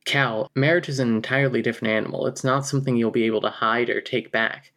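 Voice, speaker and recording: A man's voice: medium pitch, fairly even intonation, fast, a bit bright, natural voice. A man reading aloud the warnings of a stern young man, in a blunt, plain voice.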